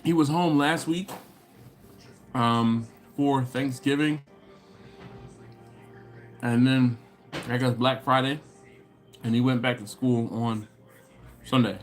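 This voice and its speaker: A man's voice: medium pitch, fairly even intonation, takes it slowly, long pauses, faint music behind. Laid-back man hosting a barbecue live stream. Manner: laid-back and slangy, greets viewers with "what up"; laughs often between comments. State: runny nose, coughing. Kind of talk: casual live-stream chat, reading viewer comments aloud.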